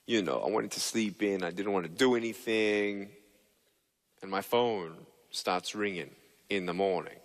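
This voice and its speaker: A man's voice: on the low side, a little slow. A man giving a motivational talk on stage, telling a story animatedly and acting out the dialogue. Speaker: motivational speaker. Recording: reverberant hall.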